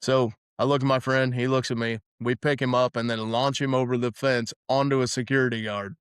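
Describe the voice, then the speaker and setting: Male podcast host, rambling and profane, smooth resonant voice, dry close sound. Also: mid-range voice, level tone, a little fast, no room sound. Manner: rambling, profane, restarts a lot. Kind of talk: casual storytelling chat.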